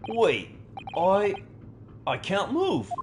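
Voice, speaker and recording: A man dubbing a game live, voicing a confused young man in a high, startled voice. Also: very animated, slow pace, background noise, heavily acted. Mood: alarmed.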